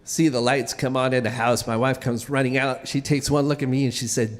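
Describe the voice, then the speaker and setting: A man telling a wry, self-deprecating comic story on stage at a live event, with halting restarts. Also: medium pitch. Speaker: featured storyteller. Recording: reverberant live hall.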